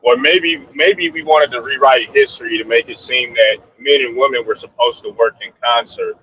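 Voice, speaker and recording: Man, casual, profane, bright sharp voice, dull audio, faint noise. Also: mid-range voice, normal speed. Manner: laughs between points, loose and profane. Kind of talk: casual debate talk.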